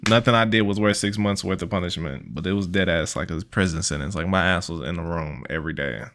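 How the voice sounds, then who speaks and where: A young man with a fairly low pitch and a bright, forceful edge, joking around in slangy banter as a podcast co-host. He talks casually and teases his friend. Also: fast talker, a little hiss or hum. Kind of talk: casual chat.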